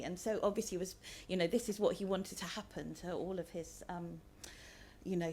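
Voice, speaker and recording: A woman's voice: on the low side, a little mellow, slight background noise. A woman author giving a chatty talk with slides, hesitant and full of ums. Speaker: author, guest speaker.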